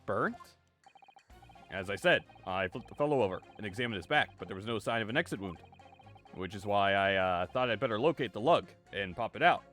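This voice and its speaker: Brief: hesitant male doctor witness in a mystery game, rambling and bright-toned, read by a man. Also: lowish voice, animated, brisk, faint music behind, pitched below the performer's own voice. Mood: musing. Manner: hesitant, full of uhs.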